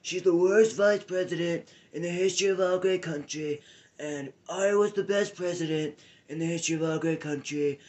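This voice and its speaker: A man's voice: on the high side, moderate pace, darkish tone, voice pushed up, natural voice. A man impersonating a boastful older male ex-president who brags and mixes up names. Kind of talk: comedic impression sketch.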